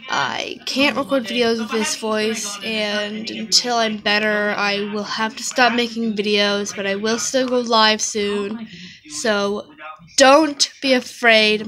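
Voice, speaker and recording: Woman, hoarse, voice breaking, slow, rambling vlog chat, crowd behind. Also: fairly high pitch, fairly even intonation, low-quality recording. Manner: rambling, with frequent fillers. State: hoarse, sore throat, voice cutting out. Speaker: YouTuber. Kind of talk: casual vlog chat to viewers.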